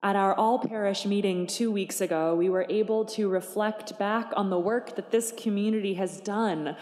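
A woman preaching a sermon in a church, gentle and conversational with a wry touch. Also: mid-range voice, steady tone, moderate pace. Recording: echoey church hall.

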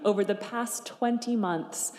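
A woman preaching a sermon in a church, gentle and conversational with a wry touch. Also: medium pitch, fairly even intonation, unhurried. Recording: echoey church hall.

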